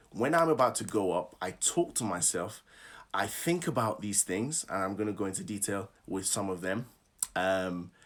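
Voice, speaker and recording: A man's voice: lowish voice, a bit bright. A man coaching public speaking, leading listeners through affirmations and laughing often. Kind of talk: live online workshop talk.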